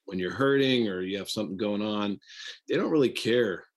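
A middle-aged man from Western Pennsylvania, telling relaxed folksy stories as a guest in a casual chat. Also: fairly low pitch, brisk, a little hiss or hum.

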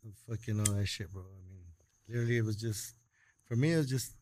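A man talks quickly and casually in a podcast chat. He rambles and curses, leaning on "you know" and "bro" as he tells a story. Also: lowish voice, a little mellow, slight background noise.

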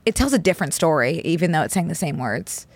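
A woman's voice: sits low, animated, fast talker, creaky, slightly rough, dry recording. A young adult woman co-hosting a podcast in casual chat, telling stories with lots of "like" fillers. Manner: chatty, filler-heavy storytelling with lots of "like". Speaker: podcast co-host.

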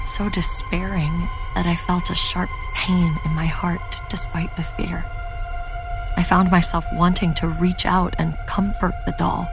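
A woman narrating a first-person horror story in a tense, scripted storytelling manner. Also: lowish voice. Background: music.

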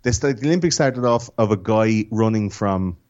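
A man's voice: lowish voice, lively intonation, moderate pace, darkish tone, lo-fi sound. An Irish man, a podcast guest, chatting casually and telling stories in an enthusiastic, rambling way. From Ireland. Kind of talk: casual chat.

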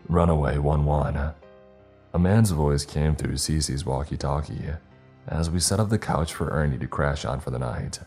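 A man reading a horror story as narrator in a measured, steady storytelling voice. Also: very deep voice, faint music behind.

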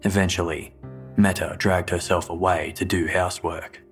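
A man giving measured, scripted true-crime narration. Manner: low, flat, measured delivery. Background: faint music.

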